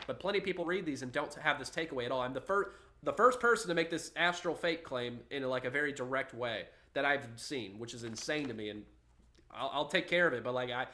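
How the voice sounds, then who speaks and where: A man hosting a podcast, talking casually with animated, scoffing delivery and casual profanity. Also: mid-range voice. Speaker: podcast host.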